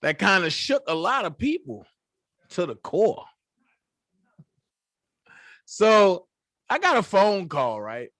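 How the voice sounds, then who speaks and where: A man rants to camera on his own channel, telling the story with plenty of swearing. His voice sits high and swings up and down a lot, and he takes his time getting the words out. The sound is dry and close. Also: slow, pauses often, no room sound. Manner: profane, animated storytelling. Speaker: channel host. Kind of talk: casual commentary rant.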